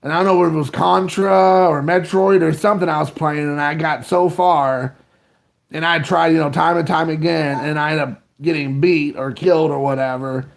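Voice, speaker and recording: A man's voice: on the high side, steady tone, normal speed, vocal fry. A man in his thirties, co-hosting a podcast, telling a rambling, self-mocking childhood story in casual chat.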